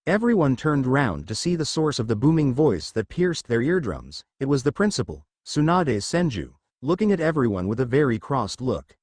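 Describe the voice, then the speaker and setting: A man's voice: medium pitch, big pitch swings, moderate pace, few pauses, darkish tone, no echo. A man reading a fan-fiction story aloud as narrator, voicing the characters with little change in his voice.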